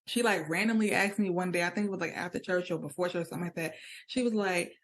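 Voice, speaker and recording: A young adult woman co-hosting a casual podcast chat, laughing often and jumping high when she quotes others. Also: steady tone, fast talker. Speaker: podcast co-host.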